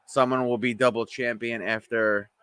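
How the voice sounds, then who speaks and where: A man's voice: medium pitch, flat delivery, moderate pace, fairly bright tone, clean tone, no echo. A man doing live watch-along commentary on a wrestling show, wisecracking offhand and talking to viewers in the chat.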